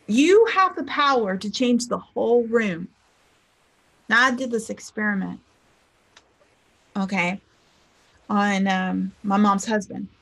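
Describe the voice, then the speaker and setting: In a medium-pitched, creaky voice, this woman talks slowly and pauses often. She's a life coach and spiritual teacher delivering a relaxed motivational talk, chatting away and voicing the people she quotes with lively impressions.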